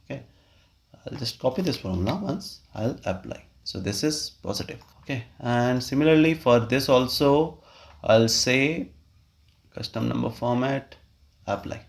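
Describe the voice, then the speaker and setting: A man's voice: medium pitch, a little slow, creaky. A man, explaining a spreadsheet tutorial step by step with frequent okays and uh fillers. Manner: step-by-step, explains while clicking, frequent "okay" and "uh". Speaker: tutorial host. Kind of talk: screen-recorded software tutorial.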